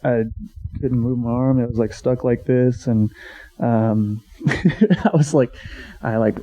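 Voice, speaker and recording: A young man with a very dark, mellow voice rambles through a story, swearing freely and leaning on filler words. The sound is dull and lo-fi, like a cheap podcast mic. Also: mid-range voice, slow. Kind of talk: casual storytelling chat.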